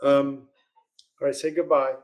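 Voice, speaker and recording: His voice sits in the mid range with a level tone, and he talks a little slowly. He's the host of a live legal Q&A stream, chatting casually, reading viewer questions aloud and laughing often.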